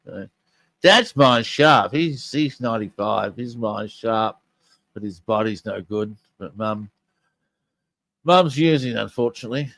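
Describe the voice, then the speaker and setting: An older man hosts a podcast, chatting eagerly and casually straight to his listeners while he presents audio clips. His voice is lowish and animated, a little slow, with vocal fry and a fairly bright tone, captured in a dry recording.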